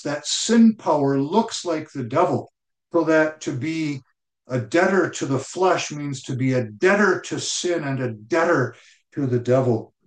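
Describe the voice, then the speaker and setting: A man delivers a sermon in a measured, unhurried cadence, his voice sitting slightly high. He leans on repeated phrases to drive each point home, and the sound rings in a reverberant room. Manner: slow, deliberate preaching with emphatic repetition. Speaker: pastor.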